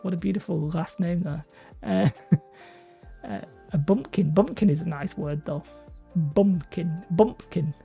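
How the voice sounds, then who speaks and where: A woman with a lowish, husky, gravelly voice and a dark tone speaks at normal speed as she hosts a hobby livestream. She casually reads viewer comments and rambles between laughs, with dull lo-fi audio and faint music in the background.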